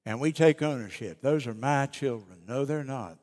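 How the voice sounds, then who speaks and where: A man preaching a sermon as pastor, emphatic, slowing down and dropping soft on key phrases. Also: mid-range voice, animated. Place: church sanctuary. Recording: long reverb of a church hall.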